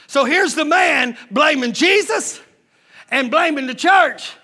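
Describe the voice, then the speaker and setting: Male pastor, high bright voice, slow deliberate delivery, preaching with rising shouted passages. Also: lively intonation. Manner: builds from low retelling to shouted exhortation; folksy grammar, rhetorical questions to the congregation. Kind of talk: preaching sermon.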